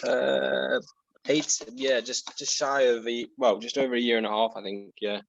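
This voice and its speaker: A young man chatting casually as a guest on a video call, relaxed and self-deprecating, with halting restarts. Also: mid-range voice, creaky, highs cut off, noisy background.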